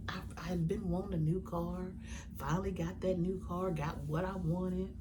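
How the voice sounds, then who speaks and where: A woman with a somewhat low voice tells her own story to the camera in a heartfelt, conversational way. She uses colloquial grammar and at times sinks into a hushed whisper. A steady background noise sits under the recording. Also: normal speed. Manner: sometimes drops to a hushed whisper. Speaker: vlogger. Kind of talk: personal storytelling.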